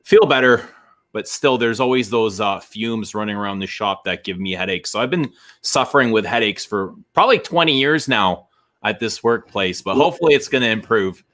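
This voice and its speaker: A man's voice: lowish voice, expressive, moderate pace, fairly bright tone. A middle-aged Canadian man with a Canadian accent, co-hosting a stream in casual, rambling chat with many restarts. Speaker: stream co-host.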